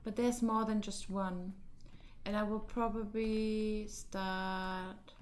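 A woman's voice: medium pitch, flat delivery, takes it slowly, a little hiss or hum. A woman streaming a puzzle game, thinking aloud in a hesitant, casual way, with fillers as she works things out. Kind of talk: casual let's-play commentary.

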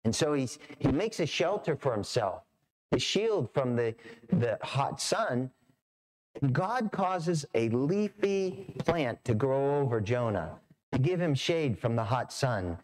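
A man's voice: mid-range voice, sing-song, slow pace, a little mellow. A middle-aged man preaching a sermon as pastor, storytelling with animation and acting out voices. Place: church sanctuary.

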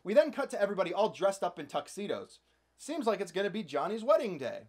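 Sarcastic man with a lively voice. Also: high voice, fast. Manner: sarcastic, playful asides. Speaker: host. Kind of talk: comedic movie recap narration.

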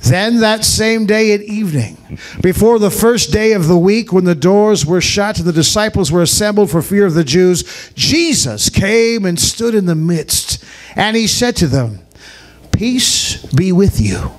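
A man, a pastor, reading scripture aloud at a church service in an expressive, deliberate storytelling way. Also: high-pitched.

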